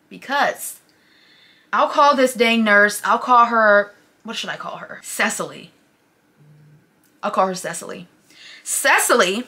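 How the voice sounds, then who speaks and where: A young woman vlogger telling a personal story to camera in a casual, animated, rambling way, full of fillers and restarts. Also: mid-range voice.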